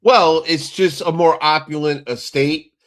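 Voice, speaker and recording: A man's voice: on the high side, steady tone, measured pace, a bit bright. A man co-hosting a casual TV recap chat, steadily explaining the plot step by step. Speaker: podcast co-host.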